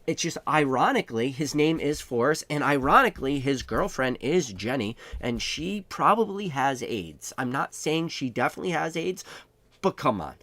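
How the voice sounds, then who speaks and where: A young man running a trading card investing channel delivers a sarcastic ranting monologue full of mocking rhetorical questions. His medium-pitched voice is sing-song and fairly bright at a moderate pace, with no room sound.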